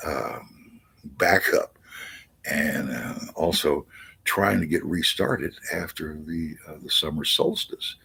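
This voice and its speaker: A man hosting a live astrology chat stream, talking haltingly with many restarts and reading viewer messages aloud. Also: extremely low pitch, gravelly, sharp tone, husky. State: out of breath.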